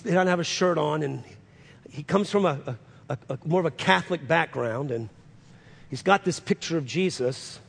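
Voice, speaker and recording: A man's voice: a little high, vocal fry. Preacher man in a reverberant hall. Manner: earnest, builds to loud fervent peaks. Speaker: pastor. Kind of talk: sermon storytelling.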